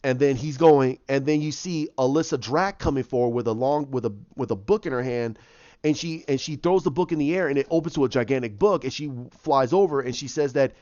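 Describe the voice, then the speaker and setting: A man's voice: mid-range voice, brisk, a little mellow, no room sound, lo-fi sound. A man casually retelling his own movie idea, rambling with many restarts and repeated words. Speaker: fan pitching his own movie plot.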